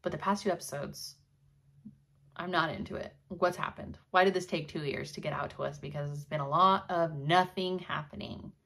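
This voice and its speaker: Lowish-voiced woman just chatting away on her vlog, lots of ums and likes. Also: normal speed, vocal fry, a bit bright. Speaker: video host. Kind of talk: casual chat.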